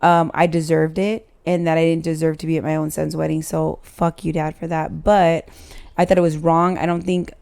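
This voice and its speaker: A woman in her forties with a fairly low voice and plenty of gravelly fry, talking as a guest on a podcast. She tells her story bluntly and emotionally, swearing often. It is casual and unfiltered. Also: flat delivery, moderate pace, darkish tone, dry recording. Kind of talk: candid casual chat.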